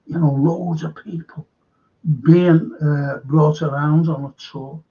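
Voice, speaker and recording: A man's voice: fairly high pitch, fairly even intonation, slow pace. A man hosting a livestream, telling a long rambling anecdote and swearing freely. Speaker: livestream show host. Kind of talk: rambling casual storytelling. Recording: dull lo-fi stream audio.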